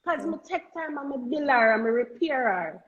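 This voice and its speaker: A woman's voice: high voice, expressive, moderate pace, dull audio. A woman with a Jamaican accent, a guest talking candidly and earnestly, often stumbling and repeating words as she makes her point. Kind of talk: candid conversational talk.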